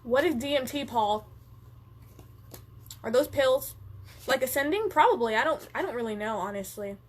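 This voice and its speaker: A woman's voice: high-pitched, normal speed, breathy edge. A young woman hosting a live stream, chatting casually and swearing freely as she reads viewer comments and answers them. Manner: animated, profane, reads viewer comments aloud.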